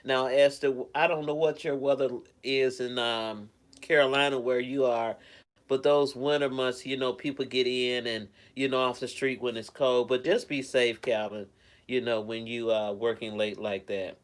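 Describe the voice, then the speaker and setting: A man's voice: mid-range voice, steady tone, normal speed. Man rambling caringly on a live stream. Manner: rambling, caring, greets viewers by name. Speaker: live streamer reading chat. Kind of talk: casual live-stream chat. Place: at home.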